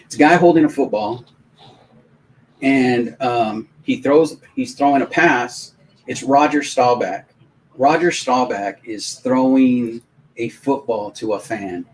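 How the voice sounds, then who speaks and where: A man hosting a live stream, telling a long, rambling anecdote in casual, animated talk with many restarts. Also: medium pitch, slow, a little hiss or hum, low-quality recording. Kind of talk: casual storytelling on a live watch-along stream.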